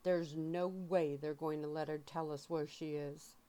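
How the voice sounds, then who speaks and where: An anxious young man speaks tenderly yet urgently, as a woman voices him in her reading voice. It stays low and slow, a soft-spoken ASMR book reading. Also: fairly even intonation. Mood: tense. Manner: gentle, urgent.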